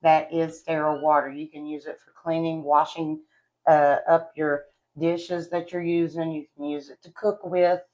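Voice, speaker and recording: Speaking at a normal speed, this woman's low, slightly mellow voice barely moves in pitch, and the sound is lo-fi. At home in West Virginia, she reviews products in casual talk to camera, her Appalachian Southern accent folksy and talkative as she calls viewers y'all.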